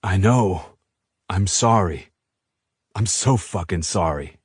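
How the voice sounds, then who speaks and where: A man's voice: low-pitched, expressive, slow, husky, no room sound, clean studio sound, full character voice. A man playing a fierce shifter lover.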